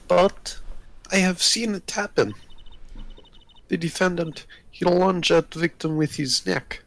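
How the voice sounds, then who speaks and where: A man's voice: a little high, expressive, takes it slowly, vocal fry, a bit bright, voice pushed up, full character voice. A man doing a flustered witness with a fake Russian accent. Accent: put-on Russian. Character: nervous female waitress witness, put-on Russian accent.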